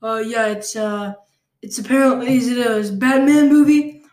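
Casting: a woman host, higher voice, playful rambling chat, echoey room. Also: normal speed, a little mellow. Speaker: podcast host. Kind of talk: casual comedic podcast chat. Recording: roomy echo.

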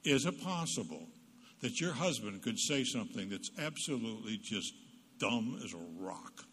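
A man's voice: medium pitch, sing-song, normal speed, fairly bright tone, a little hiss or hum. A psychologist giving a humorous parenting talk at church, a storyteller who acts out the quotes he tells. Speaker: guest speaker, psychologist. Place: church hall. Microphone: PA microphone. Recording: reverberant church hall.

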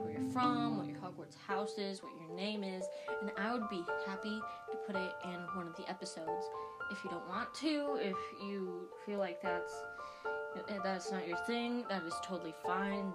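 Woman reading a story aloud. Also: mid-range voice. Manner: hesitant, with fillers and restarts. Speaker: audiobook reader and podcast host. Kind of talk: casual podcast intro, then read-aloud narration.

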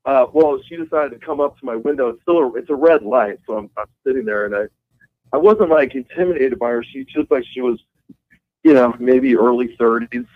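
A man's voice: mid-range voice, fairly quick, dry recording. A man, a guitarist calling in as a guest, telling a story in a rambling casual way, swearing freely and laughing along. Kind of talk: casual storytelling over the phone. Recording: muffled call-in phone line.

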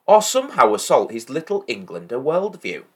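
A man's voice: medium pitch, huge pitch swings, moderate pace, fairly bright tone, a little hiss or hum. A man hosting a podcast, giving wry, enthusiastic commentary. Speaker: podcast host.

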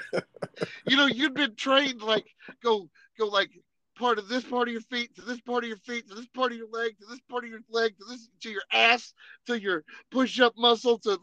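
High, bright-voiced man telling rowdy stories. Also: no room sound, poor audio. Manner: animated, profane, laughing war stories. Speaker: podcast co-host. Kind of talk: casual storytelling chat.

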